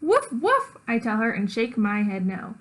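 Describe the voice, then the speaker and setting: A woman teacher reading a children's storybook aloud, with lively character voices and dog woofs. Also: medium pitch, moderate pace, rough recording.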